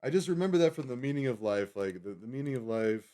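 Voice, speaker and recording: A man's voice: mid-range voice, animated, quick pace, mellow. A man hosting a livestream, chatting casually and rambling with lots of fillers and self-corrections. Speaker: livestream host.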